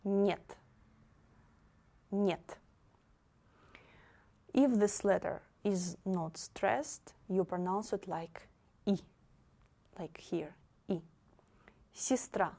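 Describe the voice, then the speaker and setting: A woman with a Russian accent explains a language lesson at an unhurried, deliberate pace. Her pitch sits in a middle range, and she repeats example words carefully for her students. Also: warm tone. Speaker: language teacher.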